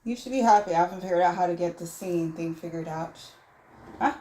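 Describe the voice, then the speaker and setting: A woman's voice: fairly low pitch, fast talker, mellow. A woman hosting a casual livestream, reading viewer messages aloud and musing on them. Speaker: livestream host. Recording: roomy echo.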